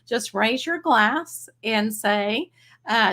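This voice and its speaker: A woman's voice: fairly high pitch, expressive, unhurried, fairly bright tone. Bubbly Texan woman hosting a livestream. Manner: bubbly, chatty, laughs easily. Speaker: psychic medium livestream host. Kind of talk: casual livestream chat.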